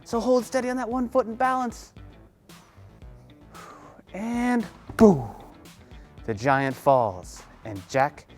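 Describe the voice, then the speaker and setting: A woman leading a children's yoga lesson through a story, animated and playful, gasping with excitement. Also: on the high side, takes it slowly, pauses often, soft background music. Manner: animated, playful, lots of gasps. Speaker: kids' yoga teacher.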